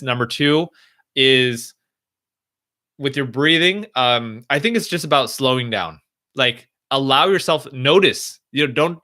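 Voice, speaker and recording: Bright-voiced man reassuring a live chat. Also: medium pitch. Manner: gentle, reassuring, thinks aloud with restarts. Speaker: motivational speaker answering live chat. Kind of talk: casual live-stream Q&A.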